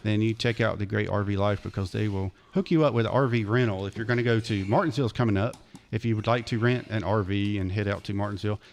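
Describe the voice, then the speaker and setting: A man hosting a racing radio talk show, chatting casually and telling stories in a relaxed, rambling way. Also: lowish voice, quick pace, a little hiss or hum. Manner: relaxed, rambling storytelling with fillers. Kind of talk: casual chat.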